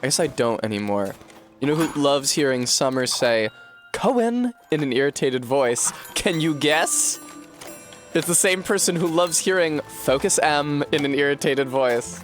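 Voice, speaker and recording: A man's voice: medium pitch, moderate pace, soft background music. A man chatting casually while streaming a game, joking and swearing through rambling asides.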